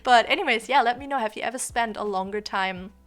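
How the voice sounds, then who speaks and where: A woman's voice: fairly high pitch, fast, a bit bright. Chatty giggly young woman vlogging. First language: not English. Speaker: YouTuber. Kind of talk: casual chat over gameplay.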